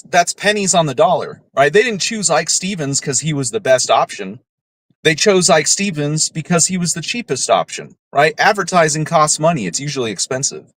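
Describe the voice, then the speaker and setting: A man's voice: fairly high pitch, fairly bright tone, no echo, low-quality recording. A man hosting a podcast, delivering a profane, scornful rant and ending his points with "right?". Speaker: podcast host. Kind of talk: ranting commentary.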